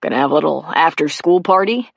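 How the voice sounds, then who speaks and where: A woman voicing an adult male police officer who speaks in a steady, wry, firm way. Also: deep voice, quick pace, gravelly, dry recording, full character voice.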